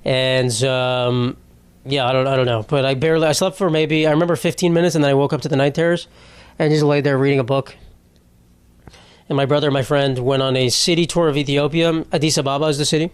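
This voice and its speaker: A man's voice: medium pitch, flat delivery, quick pace, smooth, dry recording. A man hosting a podcast, telling rambling, profane comic stories and laughing at his own jokes. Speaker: podcast host. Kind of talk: rambling comedic monologue.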